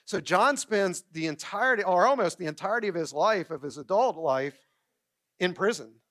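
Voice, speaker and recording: Middle-aged male pastor, somewhat high voice, animated storytelling sermon delivered from the stage. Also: moderate pace. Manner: storytelling, animated, acts out quotes and asks the congregation questions. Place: church stage.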